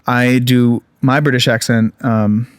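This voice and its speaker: Joking podcast host, mid-pitched voice. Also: fairly even intonation, unhurried, clean tone, no room sound, clean studio sound. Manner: jokey, slips into put-on accents. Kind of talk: casual podcast chat.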